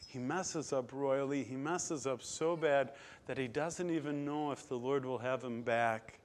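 A man preaching a sermon, emphatic, swinging between loud stressed words and quiet, low drops. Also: measured pace.

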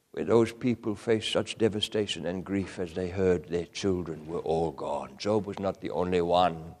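A man preaching a sermon with passion, moving between loud cries and hushed whispers. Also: deep voice, long reverb tail.

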